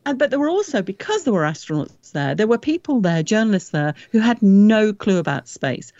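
A middle-aged woman, a guest telling lively, self-deprecating anecdotes in casual chat. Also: medium pitch, fairly quick, no echo. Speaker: guest space journalist. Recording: dry, slightly dull lo-fi audio.

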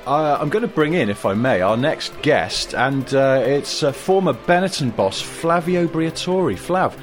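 A man's voice: a little high, expressive, measured pace, soft background music. A man hosting a mock talk show in a dry, hesitant way, with many ums and uhs. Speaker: host.

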